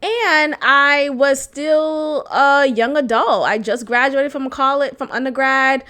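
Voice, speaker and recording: A young adult woman hosting a podcast, telling a frank personal story in a profane, animated way and laughing often. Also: sits high, slow pace. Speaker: podcast host. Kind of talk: candid storytelling monologue.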